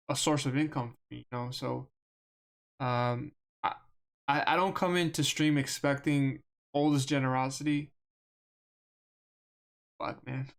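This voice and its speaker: Earnest young male game streamer. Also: mid-range voice. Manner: earnest, halting, with many restarts and fillers. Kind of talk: casual chat while live streaming a game.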